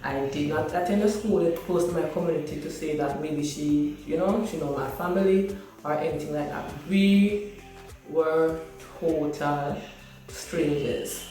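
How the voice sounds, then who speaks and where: A woman's voice: sits low, measured pace, dark tone, far from the mic. A Jamaican woman in her thirties speaks straight to her viewers, earnest and emotional as she recounts her childhood. Her voice rings around a hard, very echoey room and sits a little back from the microphone. Faint music plays underneath. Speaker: vlogger. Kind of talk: personal storytelling to camera. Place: small hot library room at home, indoors.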